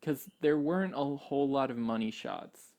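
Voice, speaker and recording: A man's voice: medium pitch, expressive, moderate pace, darkish tone. A man co-hosting a podcast, chatting casually in a sarcastic, joking way. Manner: jokey, sarcastic. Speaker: podcast co-host. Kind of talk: casual chat.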